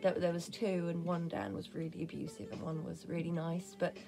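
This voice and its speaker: A woman's voice: fairly low pitch, little pitch movement, brisk, gravelly, warm tone, soft background music. A young woman venting in a casual home vlog, blunt and full of swearing. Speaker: vlogger. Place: home, kitchen.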